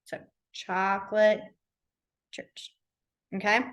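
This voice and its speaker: In a library classroom, a young woman leads a beginners' sign language class with a mid-range voice, a level tone and a slow pace. She's chatty and peppers her speech with fillers such as "um" and "like."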